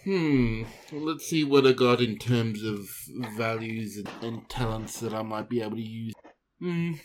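A man's voice: medium pitch, a little slow, darkish tone, a little hiss or hum. Hesitant male tabletop player. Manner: hesitant and thinking aloud. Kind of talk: tabletop role-play.

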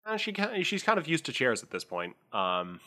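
A man's voice: a little high, huge pitch swings, normal speed, pushed and bright. A man running a tabletop game as game master, narrating with a rambling, filler-heavy manner.

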